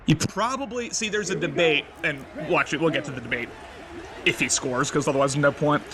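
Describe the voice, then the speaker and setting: Excitable young man calling game plays. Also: fairly high pitch, brisk, a crowd in the background. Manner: excitable, bursts into loud shouts on big plays. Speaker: game commentator. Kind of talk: casual play-by-play commentary of a video game. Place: library. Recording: noisy background.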